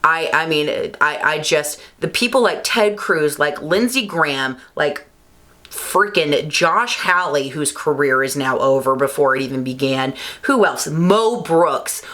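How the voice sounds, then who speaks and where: A woman vlogger delivering a heated, emphatic political rant, swearing, her voice climbing high when worked up. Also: expressive, measured pace, fairly bright tone.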